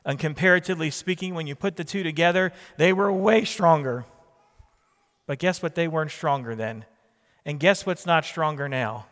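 A man's voice: on the high side, moderate pace, fairly bright tone, in a large hall. A man preaching a sermon as pastor, emphatic, repeating key phrases and putting questions to the congregation.

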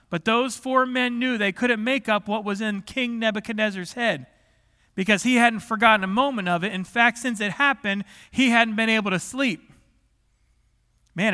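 High, bright-voiced preacher in a reverberant hall. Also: male voice. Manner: conversational preaching that swells into impassioned pleading. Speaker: pastor. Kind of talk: sermon. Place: church sanctuary.

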